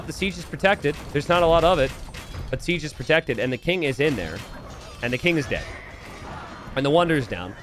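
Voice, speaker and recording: A man casting a strategy game live, chatting with viewers, laughing often and reading their messages aloud. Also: mid-range voice. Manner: animated, laughs often, talks to chat directly. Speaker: streamer and game caster. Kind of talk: live commentary while reading chat.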